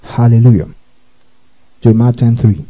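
A man's voice: mid-range voice, normal speed, dark tone, rough recording. A man teaching a Bible passage verse by verse, often checking that his listeners follow and spelling out Greek words letter by letter.

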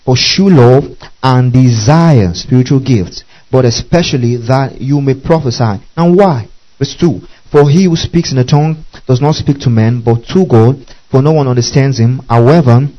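A man's voice: medium pitch, dark tone, dull audio. A male preacher reading scripture aloud and explaining it, repeating key words and often asking "okay?" and telling listeners to underline. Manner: checks in constantly with "okay?" and "underline that". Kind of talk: Bible teaching sermon.

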